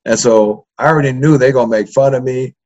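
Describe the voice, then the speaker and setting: At a brisk clip and medium pitch, an older man, a history professor from East Los Angeles, tells profane stories from his youth in a casual interview. He's animated, keeps adding "right?", and the lo-fi recording comes across dull.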